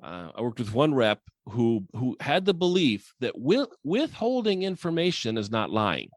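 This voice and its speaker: A man co-hosting a sales podcast in casual conversation, who acts out quoted dialogue with sharp jumps in pitch. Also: huge pitch swings, normal speed, dry recording, clean studio sound. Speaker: sales coach and podcast co-host.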